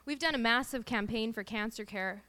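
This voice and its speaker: Bright, clear-voiced woman. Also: a little high, moderate pace. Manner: earnest, emotional storytelling. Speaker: mother sharing her family's story. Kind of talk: personal faith testimony talk.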